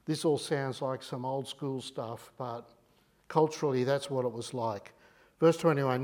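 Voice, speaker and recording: An Australian man preaching a sermon in a conversational, animated way, full of rhetorical questions. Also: mid-range voice, a little slow.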